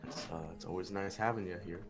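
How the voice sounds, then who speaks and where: A man's voice: low voice, fairly even intonation, quick pace. A man streaming and chatting casually with a co-host, laid-back and joking. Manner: laid-back, joking, talks over music.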